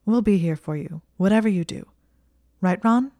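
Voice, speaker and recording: Brief: steady supportive young man wizard, woman narrator's own voice, storybook. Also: mid-range voice, normal speed, no echo, close to an everyday voice. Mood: earnest.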